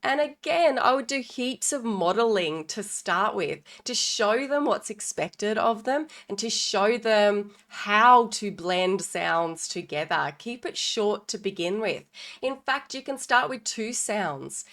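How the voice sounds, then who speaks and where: A woman's voice: mid-range voice, expressive, takes it slowly. A woman, a literacy educator, explaining early reading games to parents in an informal, playful teaching talk. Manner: warm, playful modeling of sound games with children. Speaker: literacy educator and podcast host.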